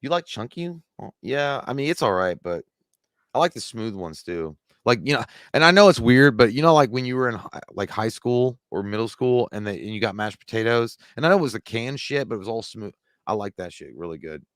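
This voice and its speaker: A man's voice: mid-range voice, expressive, a little fast, a bit bright, no room sound. A man co-hosting a live stream, reading viewer comments aloud and answering them in a loose, profane, rambling way. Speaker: live show co-host reading chat. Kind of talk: casual live-stream chat.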